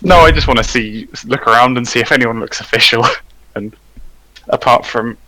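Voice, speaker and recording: A man's voice: mid-range voice, normal speed, pushed and bright, no room sound, rough recording. A man playing a tabletop game and chatting in an easygoing, laid-back way. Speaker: player. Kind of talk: casual game table talk.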